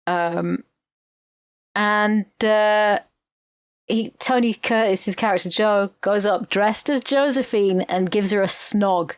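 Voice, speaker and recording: A woman's voice: mid-range voice, slow pace, dry recording, clean studio sound. A woman, co-hosting a podcast and retelling a film plot in casual chat, swearing freely. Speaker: podcast co-host.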